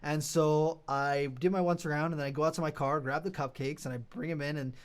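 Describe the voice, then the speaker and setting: Young man, podcast co-host, casual storytelling, animated, slightly high voice. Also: fairly quick, smooth. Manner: animated, acts out quoted friends in a louder higher voice.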